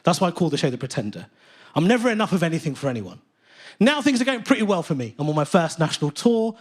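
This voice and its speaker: A comedian from England works a theatre crowd with a high-pitched, highly animated voice. He swings from hushed storytelling to loud indignant rants, and his pitch leaps all over the place. He sounds like a man in his thirties. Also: fast. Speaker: stand-up comedian. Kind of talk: stand-up comedy set. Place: large theatre stage. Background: audience laughter.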